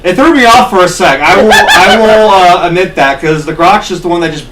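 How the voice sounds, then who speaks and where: A man co-hosting a podcast, telling a story in casual chat, animated and swearing often. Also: high-pitched, a little fast. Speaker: podcast co-host. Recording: distant mic with faint noise.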